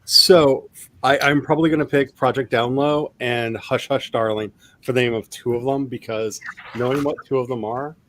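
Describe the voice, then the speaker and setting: A man's voice: mid-range voice, fairly even intonation, moderate pace, fairly bright tone. A man who is an author hosting a casual writing live stream, rambling with chuckles and reading chat comments aloud.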